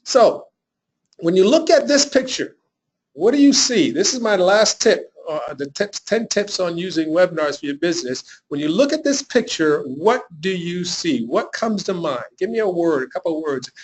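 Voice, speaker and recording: A man's voice: high-pitched, normal speed, husky, rough recording. A man hosting a live webinar on running a home business, talking with energy to his viewers, often repeating himself and asking them to type answers in the chat. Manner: energetic, repetitive, addresses chat viewers directly. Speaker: webinar host.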